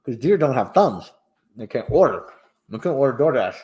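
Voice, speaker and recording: A man's voice: mid-range voice, sing-song, normal speed, mellow, lo-fi sound. A man hosting a casual livestream who chats loosely and reads news stories aloud, rambling and tripping over words as he goes. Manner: rambling, stumbles over words while reading. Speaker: livestream host.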